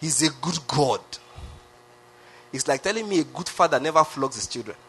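A Nigerian-accented pastor preaching a sermon with emphatic repetition, often asking the congregation questions. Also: male voice, a little high, animated, moderate pace, a bit bright, slight background noise. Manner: emphatic, repeats phrases, asks the crowd questions.

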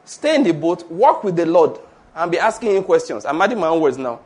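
A man's voice: fairly high pitch, a little fast. A man preaching a sermon, laughing between points and calling on the congregation to repeat after him. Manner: animated, laughing asides, call-and-response with congregation. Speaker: pastor.

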